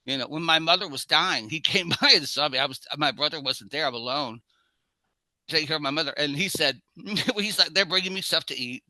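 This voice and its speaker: A man co-hosting a casual film discussion, telling stories in an animated way and acting out the quotes. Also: a little high, brisk, no echo. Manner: animated storyteller, acts out quotes. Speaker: podcast co-host.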